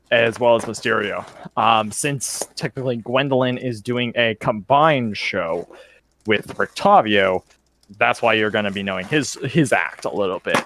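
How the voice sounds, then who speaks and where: A man's voice: medium pitch, fairly bright tone, a little hiss or hum. A man narrating a tabletop game as game master over voice chat, talking casually and meanderingly with many fillers.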